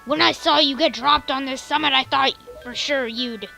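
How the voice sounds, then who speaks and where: A woman's voice: sits high, moderate pace, vocal fry, sharp tone, soft background music, full character voice, rough recording. A woman voicing a fawning male pirate crewman who stammers over his words in a game playthrough.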